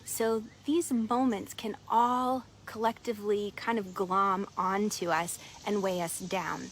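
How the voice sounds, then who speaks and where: A woman coach telling a parable and guiding listeners through a centering exercise at an unhurried storytelling pace. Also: medium pitch, steady tone, slight background noise, rough recording. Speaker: productivity and meditation coach. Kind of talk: storytelling talk on mindfulness.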